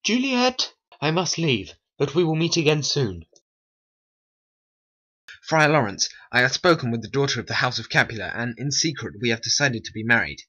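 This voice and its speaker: A man's voice: medium pitch, sing-song, moderate pace, sharp tone, slightly rough, muffled recording, full character voice. A man voicing an earnest young romantic man in a homemade stop-motion animation.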